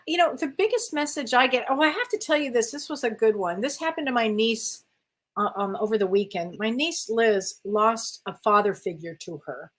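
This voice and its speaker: A woman's voice: a little high, normal speed. A woman guest in a casual spiritual chat, telling stories eagerly and affirming often. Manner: animated storyteller, eager affirmations.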